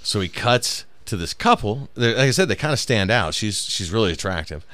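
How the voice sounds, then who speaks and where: A man's voice: fairly low pitch, animated, brisk, pushed and bright. A man casually telling a funny road story on a podcast, laughing through the punchlines.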